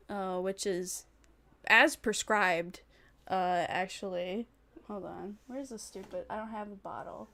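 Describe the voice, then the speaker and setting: A woman's voice: medium pitch, a bit bright. A woman VTuber chatting casually on a livestream, rambling and thinking aloud with frequent giggles. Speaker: VTuber streamer.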